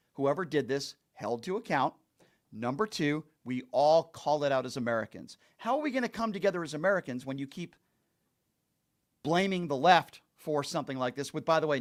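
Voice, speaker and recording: A man hosting a call-in talk show, speaking earnestly and emphatically and repeating his points for stress. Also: on the high side.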